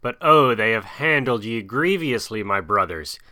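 A man reading aloud and voicing a bold young boy raised in the jungle, pitched higher than his own voice. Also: animated, measured pace, bright, forceful tone, no room sound, clean studio sound, full character voice. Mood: earnest.

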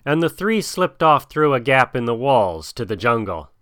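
A man narrating a storybook slowly and dramatically, close to the mic. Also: medium pitch, big pitch swings, a bit bright, dry recording. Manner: slow, measured and dramatic. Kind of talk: storybook reading.

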